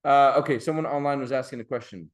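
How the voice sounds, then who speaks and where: A man's voice: mid-range voice, quick pace. A man teaching an Arabic grammar class, patiently explaining and drawing out the endings of Arabic words. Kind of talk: classroom lecture.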